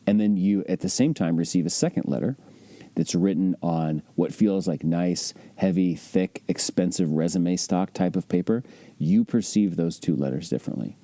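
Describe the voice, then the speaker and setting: Deep, dark-voiced man teaching calmly. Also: moderate pace, no room sound. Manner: conversational, emphatic, asks rhetorical questions. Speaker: real estate investor teaching. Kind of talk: instructional podcast talk.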